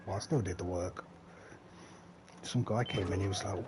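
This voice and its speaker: A rambling middle-aged man talks to his live-stream chat while he plays. His voice sits low, he swears casually, and there is a faint hum of ambience behind him. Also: fairly even intonation, a little fast, darkish tone.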